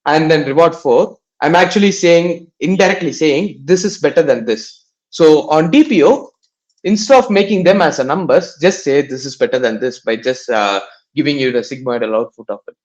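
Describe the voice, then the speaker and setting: A man presenting a research paper in a live online session, explaining in a halting way with many fillers and restarts. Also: fairly high pitch, muffled recording.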